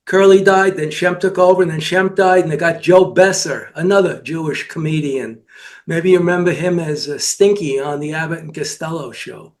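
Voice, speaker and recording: A man co-hosting a casual chat, telling anecdotes and listing names. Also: on the high side. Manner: anecdotal, lists names, retells old jokes.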